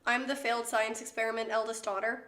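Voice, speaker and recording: A woman's voice: fairly high pitch, little pitch movement, quick pace, noisy background. A young woman chatting casually while she cooks on a stream, laughing often and swearing freely. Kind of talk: casual chat while cooking. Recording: echoey room.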